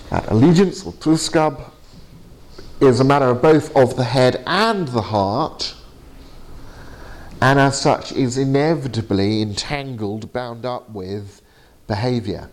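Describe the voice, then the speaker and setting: A man lecturing to a class in a halting, chatty way, with many fillers and restarts. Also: medium pitch. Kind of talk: teaching session. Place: lecture room.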